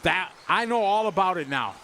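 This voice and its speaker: A man's voice: high voice, expressive, normal speed, sharp tone. A man from the United States giving live race commentary, chatty and upbeat. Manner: chatty, upbeat, laughs easily.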